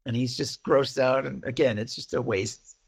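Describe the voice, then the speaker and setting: This podcast co-host has a husky, medium-pitched voice with vocal fry and speaks at a moderate pace. Chatting casually, he gives a lively recap of a TV episode, performing the characters' quotes and laughing a lot.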